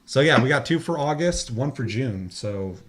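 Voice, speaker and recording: A man's voice: medium pitch, animated, moderate pace, heavy background noise. A man in his thirties co-hosting a casual gaming podcast, ranting with heavy profanity. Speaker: podcast co-host.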